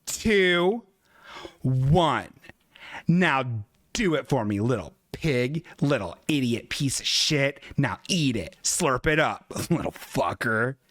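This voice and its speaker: A man co-hosting a comedy podcast, halting and sarcastic, stumbling over his words. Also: medium pitch, animated, fairly bright tone, dry recording, clean studio sound. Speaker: podcast co-host.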